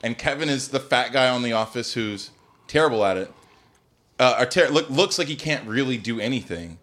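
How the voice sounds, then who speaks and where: Profane, animated man telling stories. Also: mid-range voice, brisk. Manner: profane, animated storytelling with laughter. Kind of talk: casual chat.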